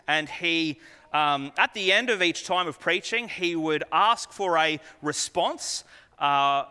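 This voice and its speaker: Lively-voiced man preaching in a hall. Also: fairly high pitch, clean tone. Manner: expressive scripture reading, then conversational preaching with fillers. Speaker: pastor. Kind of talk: sermon.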